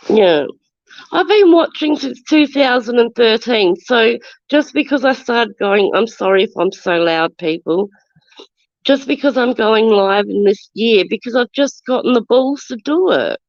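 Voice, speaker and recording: A woman's voice: on the high side, animated, a little slow, no echo. An Australian woman in her forties with a stuffy nose from a cold, ranting defensively on a casual live stream and greeting viewers as she goes. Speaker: livestreamer. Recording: dull lo-fi stream audio.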